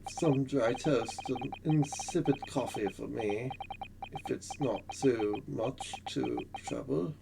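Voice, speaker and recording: A woman voicing a gloomy, theatrical male detective, delivering his lines in a slow, sighing, melodramatic way while reading a game aloud. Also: a bass voice, creaky, background noise, voice pushed down, exaggerated voice. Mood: despairing.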